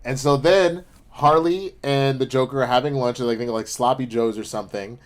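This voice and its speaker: A man's voice: medium pitch, steady tone, a little fast. A man co-hosting a casual, profane review chat, rambling as he retells scenes and acts out the lines. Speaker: podcast co-host reviewing an animated episode.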